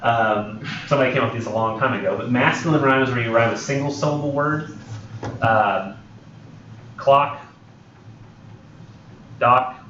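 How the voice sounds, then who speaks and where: A man's voice: medium pitch, moderate pace, long pauses, bright, forceful tone, a little hiss or hum. A young man, teaching a college English class in a casual, rambling way with frequent ums, self-corrections and jokes. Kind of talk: classroom lecture. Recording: roomy, distant, dull lo-fi classroom recording.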